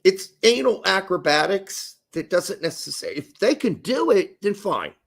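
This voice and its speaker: A man co-hosting a casual podcast, ranting in a crude, animated way and swearing freely. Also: sits high, normal speed, vocal fry, husky. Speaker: podcast co-host.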